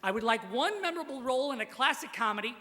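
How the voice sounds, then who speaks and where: Bright high-voiced young man roasting. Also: expressive, fast. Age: young adult. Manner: crude, self-deprecating jokes with rising shouted punchlines. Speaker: roast speaker. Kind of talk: stand-up roast set. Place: large hall with audience. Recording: live hall recording with reverb.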